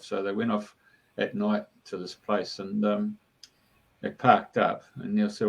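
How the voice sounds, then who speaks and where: Gravelly man telling rambling stories. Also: on the low side, steady tone, measured pace, poor audio. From Australia. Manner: rambling and chatty, with many fillers. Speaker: interview guest. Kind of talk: casual storytelling.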